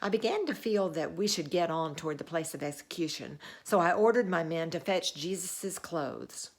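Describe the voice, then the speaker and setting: A woman telling the tale of a sober Roman centurion. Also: lowish voice. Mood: solemn. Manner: earnest, measured storytelling. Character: Roman centurion, a grown man, sober commanding officer. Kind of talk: first-person dramatic monologue.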